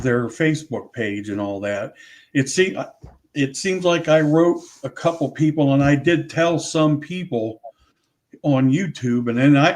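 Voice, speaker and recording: Older man, interview guest, casual, rambling, self-correcting, mid-pitched voice. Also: a little mellow. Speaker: audio researcher guest.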